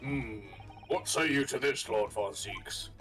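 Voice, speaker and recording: A man's voice: mid-range voice, slow, fairly bright tone, faint music behind. A man voicing a stern courtroom judge and officials, reading game dialogue in a commanding, formal way.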